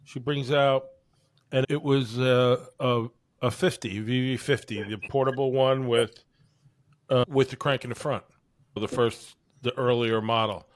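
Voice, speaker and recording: Relaxed man telling a collecting story. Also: medium pitch, unhurried, dry recording. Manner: relaxed, rambling anecdotes. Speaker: co-host. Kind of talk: casual chat.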